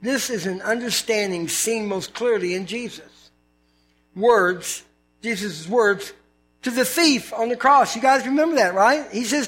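A man's voice: high voice, a little slow, fairly bright tone. A man preaching a sermon as pastor, in an earnest, conversational way with scripture readings.

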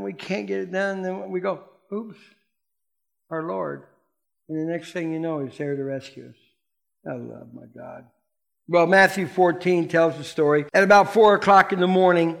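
A man preaching a sermon in a lively, playful way, asking the congregation questions and acting out the voices in the story. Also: high voice, vocal fry. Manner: animated, playful preaching that asks the congregation questions and acts out quotes. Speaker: pastor.

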